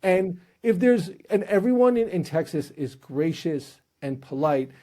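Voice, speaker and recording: Brief: male interview host, high and mellow voice, humorous storytelling. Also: expressive, unhurried. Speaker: podcast host. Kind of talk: casual interview chat.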